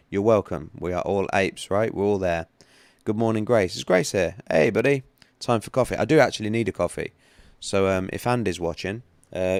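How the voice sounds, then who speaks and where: A male livestream host who is a trading analyst chats casually in a deep, gravelly voice. His delivery is loose and rambling, full of fillers and restarts, captured in a dry, close recording.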